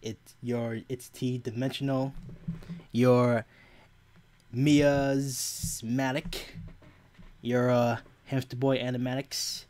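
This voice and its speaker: A man's voice: mid-range voice, level tone, slow, long pauses, darkish tone. Jokey young man with mock gasps. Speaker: co-host chatting. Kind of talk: casual chat.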